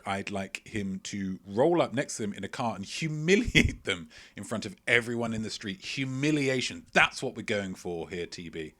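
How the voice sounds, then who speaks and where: A man's voice: lowish voice, bright, forceful tone. A man hosting a live-streamed quiz from home, reading out chat messages with playful, rambling asides. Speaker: quiz host. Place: at home, indoors.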